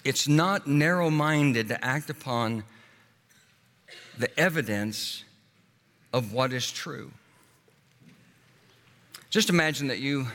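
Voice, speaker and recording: A man preaching a sermon in an earnest way, slowing down and dropping his voice on key words. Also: a bit bright. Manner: earnest, slows and drops low on key words. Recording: long hall reverb.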